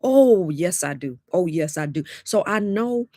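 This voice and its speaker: A woman hosting a live webinar, chatty and lively, talking straight to her viewers. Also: on the low side, a little slow, dry recording, clean studio sound. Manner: lively, chatty, addresses audience as y'all. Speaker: webinar host and dating coach.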